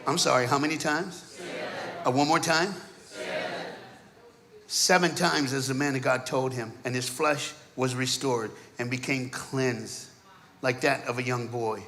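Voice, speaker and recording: A man preaching a sermon in a church, telling stories dramatically and acting out the characters, swinging between shouting and hushed asides. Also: medium pitch, fairly even intonation, unhurried, pauses often. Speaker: guest preacher. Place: church auditorium. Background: keyboard music.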